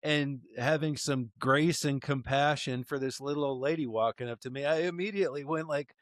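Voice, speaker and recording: A man's voice: mid-range voice, normal speed, dry recording. Guy on a podcast swearing through a story, mid voice, dry close sound. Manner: profane, storytelling. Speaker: podcast co-host. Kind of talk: casual podcast chat.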